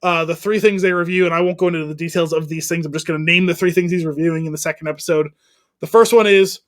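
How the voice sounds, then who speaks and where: A podcast co-host with a fairly high-pitched voice talks fast as he casually retells a comedy scene. An animated storyteller, he acts out the lines and laughs often.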